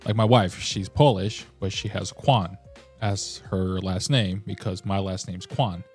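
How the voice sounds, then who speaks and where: A man's voice: sits low, steady tone, unhurried, a little mellow, faint music behind. A man hosting a reaction video, ranting animatedly in a casual way and slipping into mocking voices. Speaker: host.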